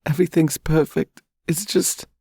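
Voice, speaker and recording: A man's voice: a little high, steady tone, moderate pace, mellow, slightly rough, no echo, studio quality, pitched above the performer's own voice. A man voicing a weepy young mother, crying and gulping through her words. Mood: tearful. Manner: gulping, sobbing, overwhelmed.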